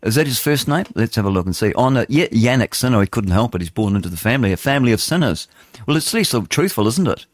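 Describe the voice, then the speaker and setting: An English man is the host of a morning talk radio show, broadcasting from a radio studio as he reads the news. Rambling, chatty, jokey and opinionated, he stumbles over words. His medium-pitched voice is animated and fast, recorded dry at studio quality.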